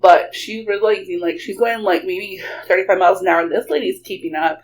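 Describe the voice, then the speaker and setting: Woman guest, lilt, animated and giggly, mid pitch, light hum underneath. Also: a little fast, poor audio. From Texas. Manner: animated, laughs often, many "like" fillers. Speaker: guest storyteller. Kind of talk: casual storytelling.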